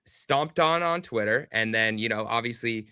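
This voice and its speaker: Podcast guest man, low but bright voice, measured, dry close sound. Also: clear, resonant tone, dry recording. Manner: measured, explaining with hesitant fillers. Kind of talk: casual podcast chat.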